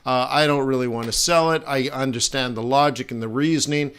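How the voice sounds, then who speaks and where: Hosting a live forex trading stream, this middle-aged man has a steady, mid-range voice that is clear, resonant, and fairly bright. He speaks fairly quickly and casually, wandering into chatty asides full of fillers and restarts.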